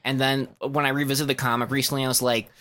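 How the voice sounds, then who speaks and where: Young male co-host, bright voice, animated casual banter. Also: medium pitch, fast. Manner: animated, swearing, jokey. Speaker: podcast co-host. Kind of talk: casual chat.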